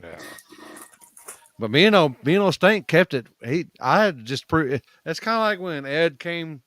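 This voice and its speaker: Man, podcast co-host, smooth resonant voice, folksy drawl, casual chat. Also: on the high side, animated, normal speed, a bit bright, no echo.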